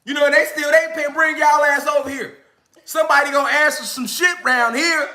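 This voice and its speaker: Man, young adult, very high voice, bright and sharp tone, slangy comic storytelling, acts out relatives. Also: normal speed, reverberant. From Chicago. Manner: animated, slangy, acts out family members. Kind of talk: comedic storytelling.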